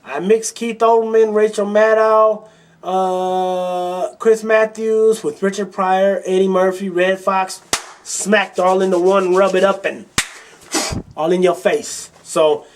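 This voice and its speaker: A man's voice: high-pitched, steady tone, slow, a little hiss or hum. Angry, swearing political podcast man. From Milwaukee, Wisconsin. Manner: angry, swearing, blunt and mocking. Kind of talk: profane political rant.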